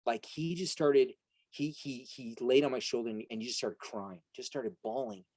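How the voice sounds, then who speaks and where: Middle-aged male coach, earnest talk full of rhetorical "right?" asides, mellow tone, dry close sound. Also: medium pitch, normal speed, breathy edge, no echo, poor audio. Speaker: strengths coach and host. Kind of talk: motivational talk to an audience.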